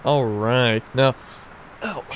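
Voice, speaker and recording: A man hosting a casual game let's-play, excitable and playful, often bursting into high yelps. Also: extremely slow, slight background noise. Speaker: gameplay channel host.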